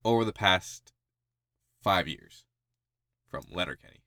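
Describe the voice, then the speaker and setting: A man co-hosting a podcast in casual chat, animated and laughing often through his jokes. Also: deep voice, dry recording, clean studio sound. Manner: animated, laughs often mid-sentence, quick jokey asides. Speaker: podcast co-host.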